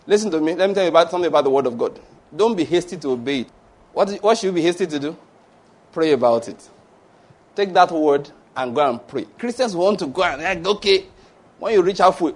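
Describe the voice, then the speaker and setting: A male pastor, preaching a lively sermon that ends in prayer and blessings. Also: fairly high pitch, a little fast. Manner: lively preaching, laughs at his own stories, call-and-response blessings.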